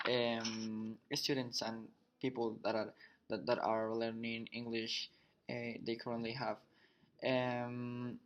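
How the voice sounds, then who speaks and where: A young man whose first language is Spanish, haltingly summarizing an English punctuation lesson on a video call, with many fillers and restarts. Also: mid-range voice, fairly bright tone. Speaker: English learner presenting.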